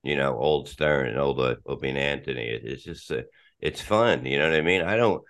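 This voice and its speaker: A man's voice: very deep voice, fairly quick, fairly bright tone. A middle-aged man chatting casually as a podcast guest, rambling and swearing, restarting sentences and laughing often.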